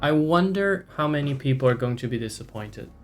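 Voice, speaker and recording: A male streamer talks loosely to his chat from a home setup, wandering between topics with dry sarcasm and frequent profanity. His pitch sits in an ordinary middle range, and faint background music plays underneath. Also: lively intonation, brisk. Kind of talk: casual live-stream chat with viewers.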